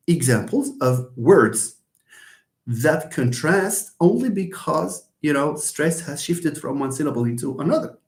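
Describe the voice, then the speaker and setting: Man lecturing in an echoey room. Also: a little high. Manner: repeats and restarts, many fillers, explains slowly. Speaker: linguistics lecturer. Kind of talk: live online lecture.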